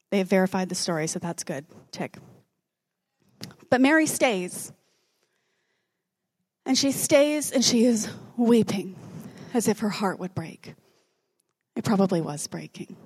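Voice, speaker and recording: A woman's voice: mid-range voice, a little mellow. A woman preaching a sermon in a conversational, joking manner, dropping to a whisper at dramatic moments.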